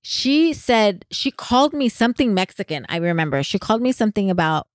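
A woman co-hosting a podcast, telling a story in casual chat. She talks in an animated way, laughs often, and her voice sits at an ordinary pitch. The recording is dry and close, with no room echo. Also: brisk. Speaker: podcast co-host.

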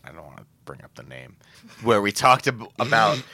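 A man co-hosts a casual movie podcast with a bright, forceful tone. He rambles wryly and often corrects himself mid-sentence. The recording is dry and close to the mic. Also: on the low side, big pitch swings, moderate pace, no room sound. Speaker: podcast co-host. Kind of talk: casual film discussion podcast.

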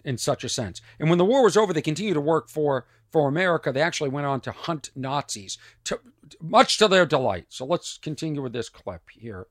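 A man hosting a comedy podcast, talking over a news clip in a halting, reflective way with many restarts. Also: fairly high pitch, dry recording, studio quality. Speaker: podcast host. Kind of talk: casual commentary on a news clip.

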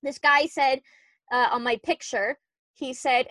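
A woman in her twenties co-hosting a podcast, telling stories in a chatty, animated way with lots of "like"s. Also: sits high, brisk, no echo. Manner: chatty, animated storytelling with many "like"s. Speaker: podcast co-host. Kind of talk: casual chat.

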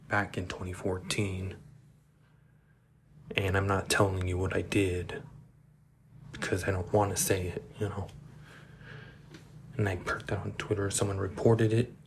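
Low, flat-voiced man rambling through a solo podcast, halting, slipping into whispers, faint hiss behind. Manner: halting, self-correcting, drifts into whispers. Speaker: podcast host.

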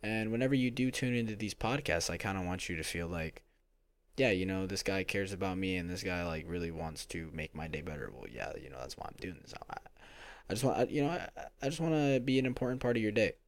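A young man with a very low, deep voice hosts a casual solo podcast from home. He rambles and second-guesses himself, piling up fillers and restarts. The sound is close and dry, with no room around it. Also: lively intonation, fast, no echo. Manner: rambling, self-conscious, full of fillers and restarts. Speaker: podcast host. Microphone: home recording mic.

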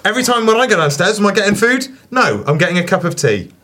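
A man rants and tells stories with a lively, bouncing pitch. He sits a little high for a male voice, swears freely, and slips into mocking voices for the people in his anecdotes. It is casual podcast chat between friends. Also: fast. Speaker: podcast co-host. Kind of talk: casual banter.

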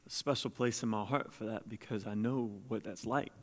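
A man preaching a sermon as pastor, shifting between hushed lines and loud, emphatic ones. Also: fairly low pitch, moderate pace, in a large hall. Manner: animated preaching, swings between soft and loud.

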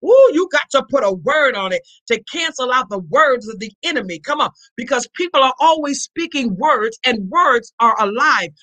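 A woman preaching a fervent sermon, calling out to her congregation for response and rising into shouts. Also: high-pitched, expressive, normal speed, hardly any pauses, rough recording. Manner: call-and-response exhortation to congregation.

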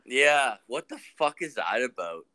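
A man's voice: mid-range voice, very animated, unhurried, a loud crowd, poor audio. A man hosting a podcast, talking in crude, profane, blunt casual banter and laughing often. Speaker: podcast host.

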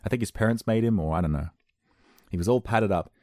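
A man's voice: fairly low pitch, quick pace, a little mellow, no room sound, studio quality. A man hosting a podcast, talking in a casual, rambling way, joking at his own expense and drifting into silly bits. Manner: jokey, self-deprecating, slips into silly voices. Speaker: podcast host.

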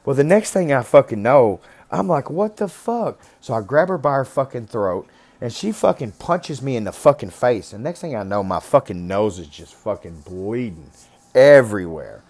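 A man's voice: mid-range voice, animated, normal speed, a little mellow. A man casually telling a personal story in a blunt, rambling way, swearing constantly. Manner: talks about being raised rough.

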